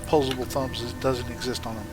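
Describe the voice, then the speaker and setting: A man at a tabletop game explains his plans in a hesitant way, full of fillers. His voice sits in a middle range, and clear music plays behind him. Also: mid-range voice, flat delivery, fast talker, poor audio.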